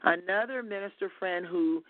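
A woman's voice: lowish voice, normal speed, noisy background. A woman minister, a guest on a call-in radio show, telling an earnest testimony with frequent restarts. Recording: tinny phone line, dry.

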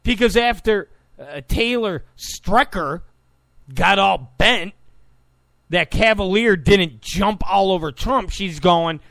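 A man with a high-sitting, creaky, slightly bright voice speaks slowly in opinionated political talk commentary, with no echo. He's combative and sarcastic, mocking opponents in quoted voices.

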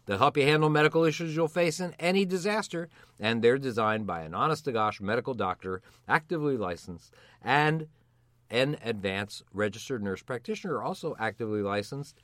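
Hammy, lively older man hosting. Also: medium pitch, a little fast, no room sound, studio quality. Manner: hammy, theatrical, jokey. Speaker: podcast co-host, medical doctor. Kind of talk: playful podcast banter and promo pitch.

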